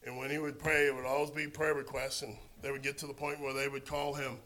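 A man preaching a sermon, telling a story and swinging from hushed, slow lines to loud exclamations. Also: medium pitch, flat delivery, reverberant, rough recording.

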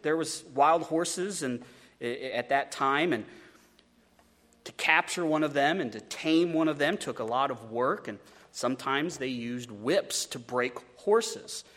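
A man's voice: mid-range voice, expressive, a little slow, fairly bright tone, long reverb tail. A man preaching a sermon as a pastor, conversational, with stumbling repeats and joking asides.

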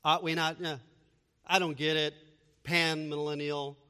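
Bright-voiced preacher in reverberant hall. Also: male voice, fairly high pitch, level tone, unhurried, smooth. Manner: emphatic preaching, repeated rhetorical questions. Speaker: pastor. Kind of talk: sermon.

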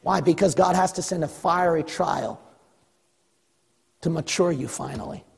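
A man's voice: a little high, measured pace, creaky, slightly rough, big-room sound. A man preaching a sermon as pastor, emphatic, full of rhetorical questions and acted-out quotes.

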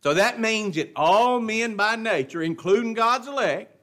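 A man with a drawl teaches scripture to an adult class, his voice sitting a little higher than most men's. He talks in a folksy, emphatic way, doubling back on words and hammering key points like a preacher. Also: animated, a little slow, fairly bright tone. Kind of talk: verse-by-verse Bible lesson.

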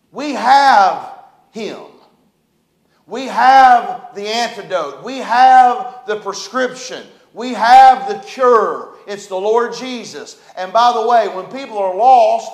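A man preaching a sermon as pastor, telling stories and acting out scenes with shouts. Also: high-pitched, animated, slow pace. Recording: echoey church room.

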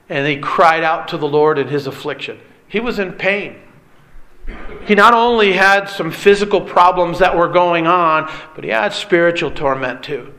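A man's voice: on the high side, bright, forceful tone, poor audio. A male preacher giving an emphatic sermon, repeating key phrases and putting questions to his listeners.

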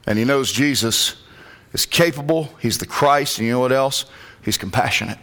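Guy preaching, bright voice, gets loud and high when he cries out the verses. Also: normal speed. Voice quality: glasses-wearing reader of scripture. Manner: rises to loud impassioned calls when quoting. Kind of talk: sermon.

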